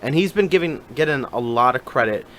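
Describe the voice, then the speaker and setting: A man co-hosting a podcast, talking in an easygoing, steady way in casual chat. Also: mid-range voice, fairly quick, background noise. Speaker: podcast co-host.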